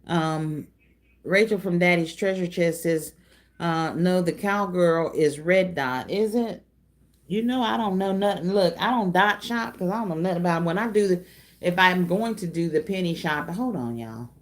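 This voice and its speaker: A woman's voice: on the low side, normal speed. A middle-aged woman, chatting casually on a craft livestream, reading viewer comments and calling them y'all and darling. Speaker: craft channel host.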